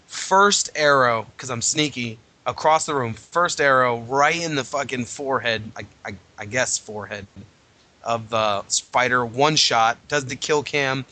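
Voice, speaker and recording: A man co-hosting a podcast who tells lively game anecdotes and swears freely in casual chat. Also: medium pitch, a little slow. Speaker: podcast co-host.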